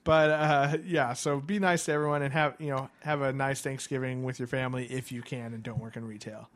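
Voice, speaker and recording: A man's voice: mid-range voice, fairly even intonation, a little fast, a bit bright. A young man hosting a podcast, telling stories in a rambling, profane, laughing way. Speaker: podcast host. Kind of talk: casual podcast chat.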